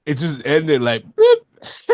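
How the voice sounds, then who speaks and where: A man guesting on a casual movie podcast, excitable and quick to laugh. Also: medium pitch, no echo, clean studio sound. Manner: excitable, laughs often, does loud voices in stories.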